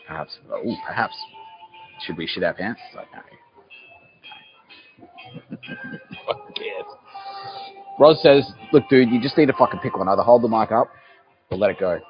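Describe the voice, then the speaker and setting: Profane, rambling man. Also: low voice. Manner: profane, rambling, mock-conspiratorial. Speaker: podcast host. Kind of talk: rambling comedic monologue. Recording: dull lo-fi with faint music.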